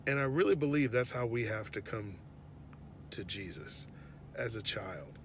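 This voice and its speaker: A man telling an earnest, reflective faith story about his daughter, often dropping to a hush. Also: fairly low pitch, expressive, a little slow, a little hiss or hum. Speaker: father sharing a faith reflection. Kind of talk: personal devotional storytelling.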